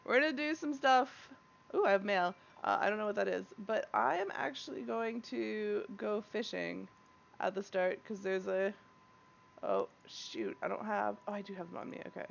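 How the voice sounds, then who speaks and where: Congested, gravelly woman streamer. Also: mid-range voice, moderate pace, dull audio, a little hiss or hum. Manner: chatty, rambling, losing her train of thought. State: stuffed up, congested. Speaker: game streamer. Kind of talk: live gameplay stream chat.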